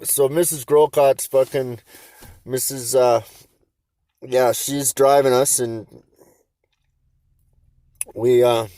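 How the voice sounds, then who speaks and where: A laid-back man tells a rambling, profane story. His voice is warm and mellow, with a close, dry sound. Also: medium pitch, fairly even intonation, slow pace, long pauses, no echo. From Canada. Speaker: interviewee. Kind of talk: casual storytelling.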